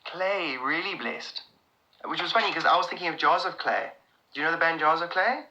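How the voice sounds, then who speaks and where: Man, South African accent, comedian, rambling live-stream chat, very bright tone, muffled lo-fi audio. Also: fairly high pitch, fairly quick. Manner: rambling, excitable, many restarts. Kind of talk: casual live-stream chat answering comments.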